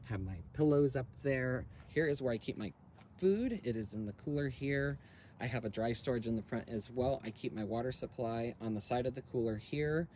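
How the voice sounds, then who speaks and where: A man giving a plain, matter-of-fact tour of the car he lives in, filmed on a handheld phone. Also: medium pitch. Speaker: vlogger living in his car. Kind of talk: casual show-and-tell tour. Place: inside a parked car. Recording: dull lo-fi phone clip with faint ambient noise.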